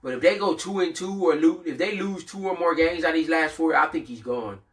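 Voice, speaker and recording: A man co-hosting a casual sports talk show, emphatic and animated, repeating his points. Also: fairly high pitch, a little fast, recorded from a distance. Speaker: co-host.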